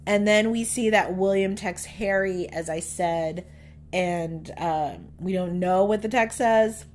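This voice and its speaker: A woman's voice: lowish voice, slow, a little mellow, slight background noise. Blunt, chatty young woman podcaster. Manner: blunt, chatty, swears freely; filler-heavy with frequent laughs. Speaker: podcast host. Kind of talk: casual stream-of-consciousness review.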